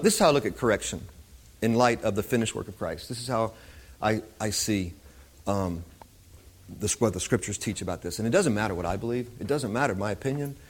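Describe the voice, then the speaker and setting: A man's voice: fairly low pitch, a bit bright, slightly rough. A man preaching an informal Bible teaching in a conversational way, often repeating himself.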